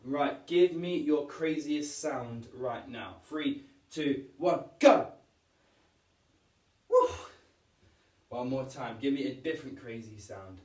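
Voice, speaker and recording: A male PE teacher demonstrates moves in an upbeat, encouraging home exercise session for young children. His darkish mid-range voice keeps a measured pace with hardly any pauses. The sound is echoey and distant.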